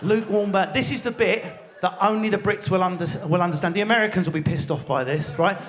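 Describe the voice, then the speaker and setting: An English man with an Essex accent doing a live stand-up routine in a large theatre, ranting fast with lots of swearing and sudden shouts. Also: sits high, slight background noise. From England. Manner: rapid, swearing, mock-outraged rants with frequent shouting. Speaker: stand-up comedian. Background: audience laughter.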